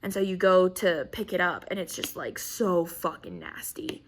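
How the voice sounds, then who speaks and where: A young woman hosting a casual craft-channel chat, telling a story in an animated way and swearing freely. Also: lowish voice, normal speed.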